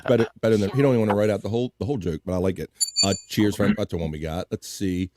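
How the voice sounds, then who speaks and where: A man's voice: on the low side, rapid-fire, noisy background. A man with a Baltimore accent hosting a live stream in casual chat, laughing often and swearing freely.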